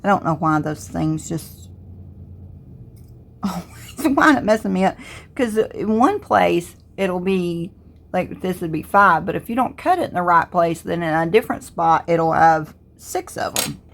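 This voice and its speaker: A middle-aged woman with a Southern US drawl talks through a hands-on crafts demonstration. Her voice sits low and has a gravelly, creaky edge. She thinks aloud in a relaxed way as she works, stopping and starting between steps. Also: unhurried. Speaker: crafts tutorial host. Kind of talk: casual step-by-step tutorial narration.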